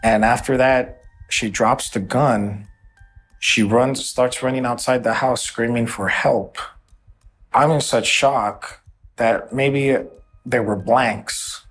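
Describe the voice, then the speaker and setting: A man's voice: mid-range voice, unhurried, soft background music. A man giving documentary interview testimony, recounting a shooting in an earnest, emotional first-person way.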